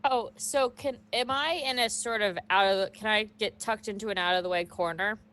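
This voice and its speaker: Woman, tabletop player, casual, hesitant, mid-pitched voice. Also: fairly quick, fairly bright tone. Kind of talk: casual game table chat.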